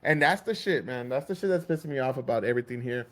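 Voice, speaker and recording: Fast and animated, this man from Texas has a mid-range, slightly bright voice as he hosts a podcast. His chat is casual and full of swearing, heated as he performs what store clerks said.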